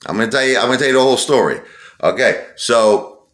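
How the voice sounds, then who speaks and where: A man's voice: medium pitch, expressive, quick pace, a bit bright, echoey room. A man telling a long personal story in a rambling, defensive way, often repeating himself. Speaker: channel host telling a story. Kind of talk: casual storytelling monologue.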